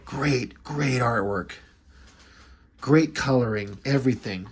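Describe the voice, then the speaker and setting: Enthusiastic, blunt comic book reviewer. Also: male voice, mid-range voice, takes it slowly, slightly rough. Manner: enthusiastic, blunt, swears casually. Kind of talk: casual comic recap.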